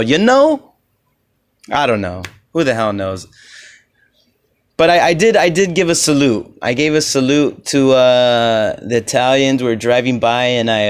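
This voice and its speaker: A man's voice: mid-range voice, smooth. A man from Los Angeles hosting a casual solo podcast, rambling loosely with lots of "you know"s. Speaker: podcast host.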